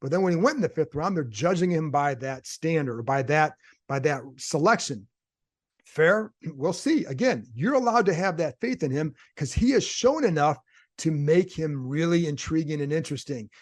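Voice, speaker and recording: A man with a fairly high pitch and lively intonation talks at normal speed. He's a sports reporter hosting his own show, giving casual solo commentary in a conversational way and answering the rhetorical questions he poses.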